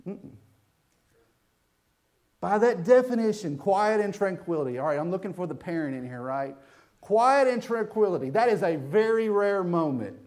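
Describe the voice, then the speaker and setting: A man preaching a sermon, joking with the congregation in an animated way. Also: high voice, normal speed.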